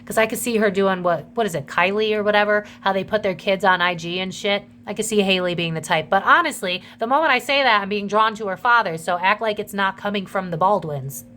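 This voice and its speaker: A woman's voice: medium pitch, a little fast, few pauses, bright, forceful tone, a little hiss or hum. A woman doing a casual psychic tarot reading to her viewers, chatty and emotional, swearing freely.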